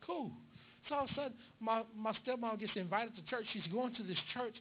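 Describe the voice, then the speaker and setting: A man's voice: very high-pitched, a little fast, highs cut off, slight background noise. A young man preaching a sermon, telling a family story animatedly and acting out the voices. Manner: animated, acts out dialogue.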